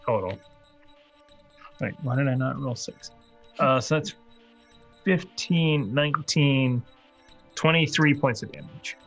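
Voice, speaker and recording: A man's voice: medium pitch, expressive, slow, long pauses, a bit bright, highs cut off. Hesitant man thinking aloud at play. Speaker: player. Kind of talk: casual tabletop play. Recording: faint music behind.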